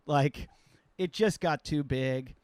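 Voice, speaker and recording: A man's voice: fairly high pitch, slow, darkish tone, clean tone, dry recording. A man hosting a podcast as a comedian, telling rambling, self-mocking stories in casual chat.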